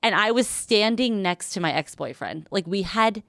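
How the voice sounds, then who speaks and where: A woman's voice: mid-range voice, animated, normal speed, vocal fry, a bit bright, dry recording, studio quality. A woman in her thirties co-hosting a chat in a hotel room, telling a story in a rambling way with many fillers and laughs. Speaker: podcast co-host.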